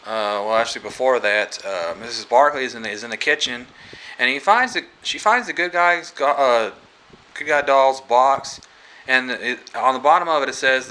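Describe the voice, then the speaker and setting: A man casually retelling a movie plot as a reviewer, halting and full of fillers and restarts. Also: medium pitch, pushed and bright, rough recording.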